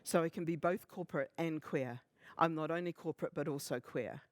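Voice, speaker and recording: A man in his fifties giving a conference talk, animated and humorous, often acting out other people's remarks. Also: a little high, a little fast, dry recording. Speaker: conference speaker. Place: conference stage.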